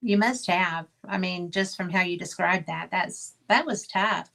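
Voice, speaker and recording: Creaky-voiced woman hosting a chat. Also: lowish voice, unhurried, fairly bright tone. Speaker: host. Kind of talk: casual interview chat.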